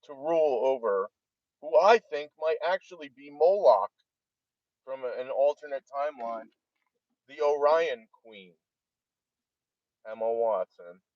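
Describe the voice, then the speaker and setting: A man's voice: medium pitch, lively intonation, unhurried, pauses often, a little mellow, no echo. A man from New Jersey with a New Jersey accent, talking in a rambling monologue to camera that is heavily profane and keeps trailing off. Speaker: vlogger. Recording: dull lo-fi dry recording.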